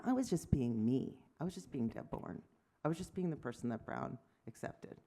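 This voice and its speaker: Woman, 50s, physician lecturer, fry-edged voice, lively storyteller. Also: rumbling low. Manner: animated storytelling, acts out dialogue, self-deprecating asides. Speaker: physician giving an award lecture. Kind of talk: lecture to medical audience.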